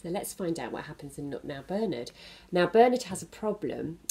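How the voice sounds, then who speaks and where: A woman reading a picture book to small children, her voice rising and falling with lively expression. She speaks gently and explains as she goes, at times dropping to a soft hush. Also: lowish voice, normal speed, slight background noise. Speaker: children's centre storyteller.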